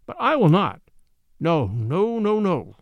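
A man's voice: high-pitched, sing-song, slow, no room sound, exaggerated voice. A man voicing a fond, blustery old uncle in a read-aloud story.

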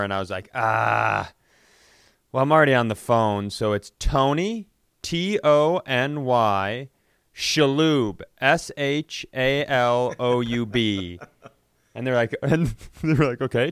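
Comedian host, male, smooth clear tone, animated storyteller. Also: medium pitch, no echo, studio quality. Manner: animated, acts out phone voices, laughs mid-story. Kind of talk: casual storytelling.

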